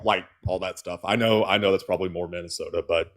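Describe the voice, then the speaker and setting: A man's voice: sits low, fairly even intonation, fast, hardly any pauses, fairly bright tone. A man from the American South co-hosting a political livestream, ranting with sarcastic exasperation. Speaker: co-host. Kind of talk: political commentary rant.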